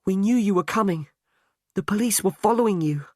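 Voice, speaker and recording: A man's voice: high-pitched, a little fast, dry recording, clean studio sound, voice pushed up. A man reading aloud, voicing a young woman who is an emotional fiancée with a breathless, pleading manner. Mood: relieved.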